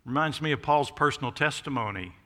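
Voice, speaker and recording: Emphatic preacher in a reverberant hall. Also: male voice, fairly quick. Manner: emphatic preaching, swells loud then drops low. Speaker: pastor. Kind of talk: sermon. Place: church sanctuary.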